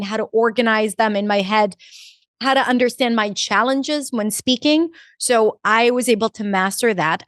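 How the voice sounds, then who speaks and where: Woman guest from Israel, English teacher, deliberate and articulate, dry close sound. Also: medium pitch, dry recording. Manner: articulate, deliberate, stretches key words. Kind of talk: podcast interview answer.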